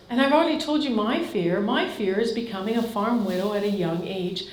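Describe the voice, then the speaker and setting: A woman's voice: medium pitch, brisk. A woman in her fifties from Canada, a farm family coach giving a live seminar, blunt and direct, firing questions at the audience. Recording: echoey hall.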